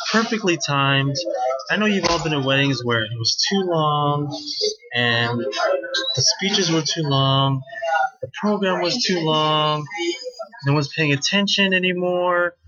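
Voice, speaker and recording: A man's voice: a little high, lo-fi sound. A man talking casually on his own, rambling and chatty with lots of filler words and slang. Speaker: wedding guest recounting his sister's wedding. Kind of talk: casual solo monologue.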